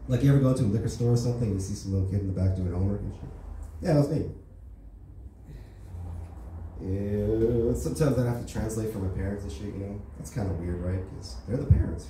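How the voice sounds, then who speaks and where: A man's voice: on the low side, dark tone, distant mic, a little hiss or hum. A man from the Los Angeles area doing a stand-up comedy set, telling profane stories casually with lots of "right?" tags. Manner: casual, profane storytelling with many tag questions. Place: comedy club stage. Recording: echoey room, mic from afar.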